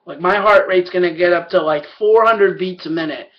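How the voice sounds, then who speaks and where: A young man doing a first stand-up set, telling a story in a loud, profane rant. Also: high-pitched, brisk. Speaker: stand-up comedian. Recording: dull lo-fi amateur recording.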